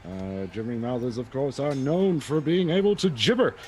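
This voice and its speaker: A man's voice: mid-range voice, moderate pace, darkish tone, slight background noise. A man commentating a tabletop game arena battle in a theatrical, mock-formal style.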